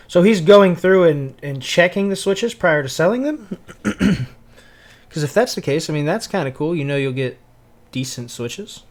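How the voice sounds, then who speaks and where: A man from Tennessee with a Southern accent, chatting casually with viewers on a livestream while he works, greeting people and humming to himself. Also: high-pitched. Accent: Southern American (Tennessee). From Tennessee, USA. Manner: laid-back, greets viewers, mutters and hums while working.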